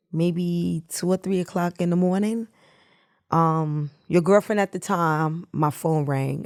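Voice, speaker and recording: Low-voiced mother recalling a hard night. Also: darkish tone, dry recording, studio quality. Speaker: guest, mother of the host. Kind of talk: emotional personal recollection.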